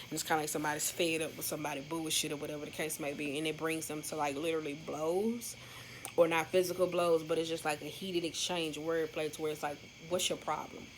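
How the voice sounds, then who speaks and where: A woman's voice: low voice, level tone, fast, background noise. A woman giving a casual tarot love reading, talking straight to her viewers in a loose, rambling way and swearing freely. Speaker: tarot card reader.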